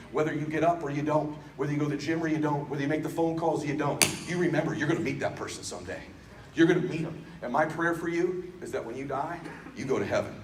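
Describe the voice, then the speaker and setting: A middle-aged man giving a motivational speech at an event, intense and exhorting, often shouting. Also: mid-range voice, a little hiss or hum. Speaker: keynote speaker. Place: large event hall. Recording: echoey hall, distant mic.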